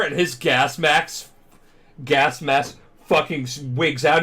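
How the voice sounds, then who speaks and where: A man's voice: fairly high pitch, slow pace, pushed and bright. Drunk male podcast host, profane, rambling, does goofy character voices. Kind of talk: drunk comedic recap with voices.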